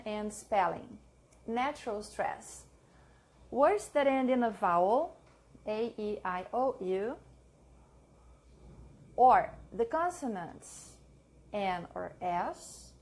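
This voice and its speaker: A young woman teaching a pronunciation lesson, reading each example word slowly and carefully, often repeating it. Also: fairly high pitch. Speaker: language teacher.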